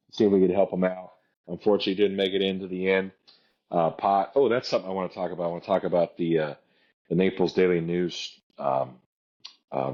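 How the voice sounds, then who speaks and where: A middle-aged man hosting a podcast, folksy and upbeat, talking to his listeners as folks. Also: low-pitched. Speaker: podcast host and local politician. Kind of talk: casual podcast chat. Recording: slightly dull lo-fi sound.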